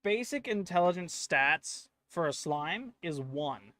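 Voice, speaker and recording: A man co-playing on a stream, chatting casually and quietly while looking for something. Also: on the high side, animated, slow pace, no room sound. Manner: quiet, distracted, searching while talking. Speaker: co-player on stream. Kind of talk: casual chat.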